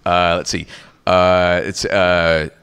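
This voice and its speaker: A middle-aged man with a very low, smooth and resonant voice, talking casually at a convention panel. He tells stories in a lively way, slipping into ad reads and character voices as he goes. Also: takes it slowly, in a large hall. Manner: animated storyteller, rattles off ad copy and voices. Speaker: voice actor guest on a convention panel.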